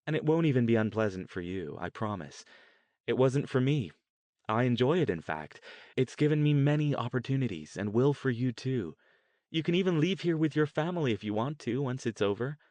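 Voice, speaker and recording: A man voicing a cool, smug blonde woman kidnapper who talks in a calm, coaxing, self-assured way. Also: medium pitch, normal speed, no echo, pitched above the performer's own voice, lightly acted.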